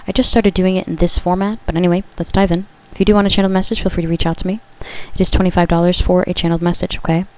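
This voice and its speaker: Lowish-voiced woman giving a tarot reading. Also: flat delivery, rapid-fire, hardly any pauses, darkish tone, clean tone. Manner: conversational, frequent checks like "okay?", corrects herself mid-sentence. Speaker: tarot card reader. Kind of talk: pick-a-card collective reading, casual spoken.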